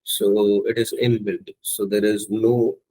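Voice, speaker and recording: A man teaching a software testing course, walking students step by step through setting up Java and often checking in with "okay" and "right". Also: on the low side, flat delivery, takes it slowly, poor audio. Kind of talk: screen-share coding tutorial.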